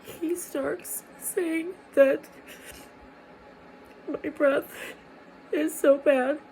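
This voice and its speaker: High-voiced woman, slow halting vlog. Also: fairly even intonation, a little mellow, slight background noise, poor audio. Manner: halting, repeats words while telling a painful story. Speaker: vlogger. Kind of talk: confessional personal vlog.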